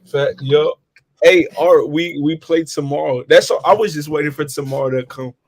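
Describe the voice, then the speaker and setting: A man's voice: fairly high pitch, moderate pace, rough recording. A man in a casual basketball chat, talking eagerly about his team's next game. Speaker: co-host.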